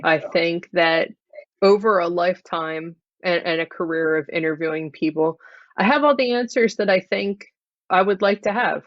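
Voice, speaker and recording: A performer stays in character for an improvised interview, talking flat and deadpan at a middle pitch. The video call audio is dull and lo-fi, with a dry sound and no room echo. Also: moderate pace. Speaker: improv comedy guest.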